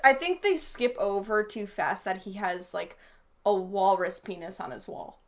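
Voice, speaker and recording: A woman's voice: mid-range voice, a little slow. A woman hosting a casual movie-review chat, rambling and giggly with lots of fillers. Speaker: host.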